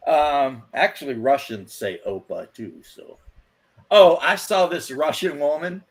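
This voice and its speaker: A man's voice: fairly high pitch, lively intonation, a little slow. A man in casual chat, rambling and telling crude jokes, laughing at his own stories.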